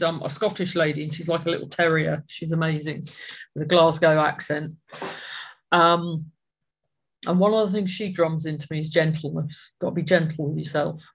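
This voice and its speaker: An adult sharing their personal recovery story at a support meeting, speaking in an earnest, reflective way with halting restarts. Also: mid-range voice, a bit bright.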